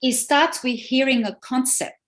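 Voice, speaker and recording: Woman coach, interview guest, animated and emphatic delivery. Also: sits high, normal speed. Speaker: relationship coach. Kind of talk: interview conversation.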